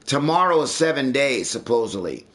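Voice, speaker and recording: Lively, bright-voiced ranting male streamer. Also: medium pitch, moderate pace. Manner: animated, ranting and swearing. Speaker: livestreamer. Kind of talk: casual livestream chat.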